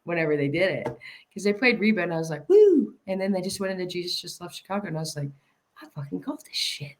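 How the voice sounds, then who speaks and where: A woman's voice: fairly low pitch, very fast. A woman in her thirties, a podcast guest, telling stories in casual chat, laughing often and restarting her sentences.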